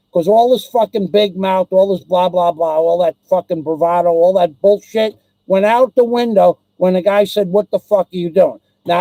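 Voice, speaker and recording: Guy on a live stream going off, pretty high voice but dark tone, swears nonstop, dry close sound. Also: no room sound, poor audio. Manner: angry, rambling, swears constantly, repeats himself. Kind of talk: profane ranting live stream.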